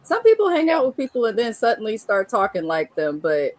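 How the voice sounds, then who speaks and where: A woman's voice: a little high, wildly swooping pitch, fairly quick, dry recording, low-quality recording. Chatty woman hosting a live review. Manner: chatty, laughing often. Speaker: host. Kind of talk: casual live review chat.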